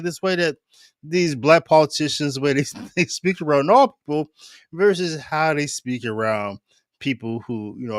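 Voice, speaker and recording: A male show host from Ohio talks in casual commentary. His pitch is fairly high and jumps around a lot. He laughs often, and the mic sound is close and dry. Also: no room sound. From Ohio, United States. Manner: animated, laughs often, restarts phrases.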